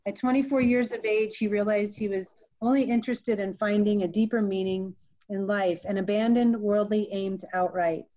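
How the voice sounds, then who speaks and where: A woman with a warm, mellow voice moderates a panel discussion and introduces the next speaker. She sounds friendly and relaxed. Her audio is dull and lo-fi, as on a video call. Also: medium pitch, normal speed. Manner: friendly, reads introductions, laughs easily. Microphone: video call mic.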